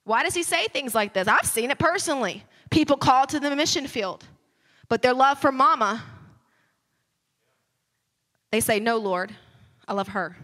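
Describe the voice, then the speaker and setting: High bright woman preaching in a hall. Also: expressive, normal speed, pauses often. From United States. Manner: conversational, builds to fervent emphasis. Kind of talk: sermon. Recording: long hall reverb.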